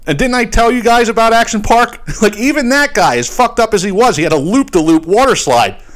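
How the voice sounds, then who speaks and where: A man hosting a casual podcast, ranting in a loose, profane way. He tells stories with lots of energy and slips into quick mock voices for the people in them. His pitch swings widely as he gets worked up. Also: animated, fairly bright tone. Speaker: podcast host.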